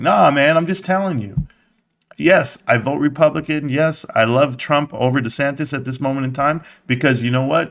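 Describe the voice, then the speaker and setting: A man's voice: medium pitch, a bit bright. A middle-aged man from the United States hosting a live stream, talking straight to his chat in a rambling, casual rant with frequent restarts.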